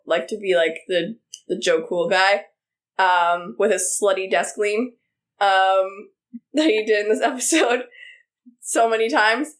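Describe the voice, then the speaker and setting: Slow-talking young woman podcaster. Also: mid-range voice. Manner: relaxed, lots of "like" and "um", mimics characters. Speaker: podcast co-host. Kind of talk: casual chat.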